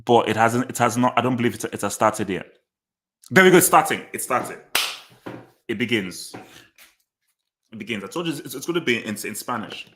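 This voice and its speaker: Fast-talking and a bit bright, a man with a medium-pitched voice hosts a football channel with casual live reaction commentary. He keeps thinking aloud, looping short phrases and beginning sentences again.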